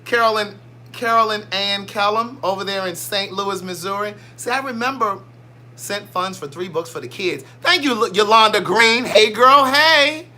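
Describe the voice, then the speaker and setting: A man's voice: high-pitched, moderate pace, pushed and bright. A man hosting a casual livestream, chatty and playful as he reads out viewer comments. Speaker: livestream host.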